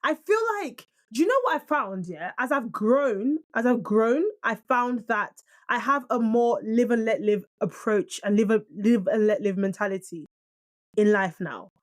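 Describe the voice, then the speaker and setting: A young woman from Nigeria co-hosting a podcast in casual, argumentative chat. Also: a little high. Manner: animated, argumentative, quick to protest. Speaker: podcast co-host.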